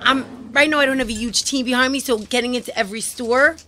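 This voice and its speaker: A woman's voice: high-pitched, fast talker, sharp tone, a little hiss or hum. A woman with a thick New York accent, a guest explaining her product in a casual chat. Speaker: guest, liqueur maker.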